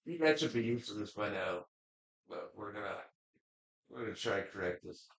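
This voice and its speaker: A man's voice: fairly low pitch, lively intonation, normal speed, fairly bright tone. A man co-hosting a casual podcast from home, laid-back and agreeable, often chiming in with "yeah". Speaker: podcast co-host. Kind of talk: casual chat.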